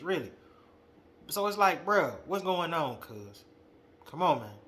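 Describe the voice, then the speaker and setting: Slangy, animated young man ranting. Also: high voice. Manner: animated, slangy, calls out directly. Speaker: wrestling podcast host. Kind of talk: casual opinion monologue.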